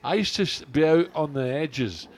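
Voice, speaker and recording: A man's voice: on the high side, lively intonation, normal speed, slightly rough. An older man, co-hosting a podcast in casual chat, rambling through jokey anecdotes with plenty of fillers. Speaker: podcast co-host.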